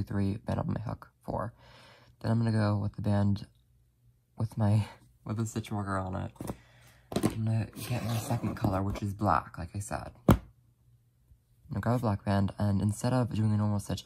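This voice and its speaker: Soft, gravelly, low-voiced tutorial host. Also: level tone, fairly quick, long pauses. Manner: soft-spoken, apologetic, talks while working with frequent "like" fillers. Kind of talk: casual step-by-step tutorial narration.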